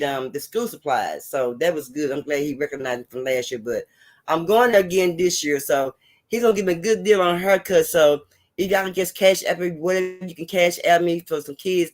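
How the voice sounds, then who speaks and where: Animated high-voiced man chatting on a livestream. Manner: animated, laughing, repeats catchphrases. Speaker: livestream host. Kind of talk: casual livestream chat to viewers.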